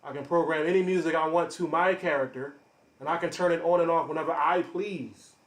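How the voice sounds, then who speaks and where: A man ranting on a live stream, confrontational and boastful, calling out chat members by name with loud bursts and drawn-out emphasis. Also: fairly high pitch, fairly even intonation. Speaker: livestreamer. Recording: roomy echo.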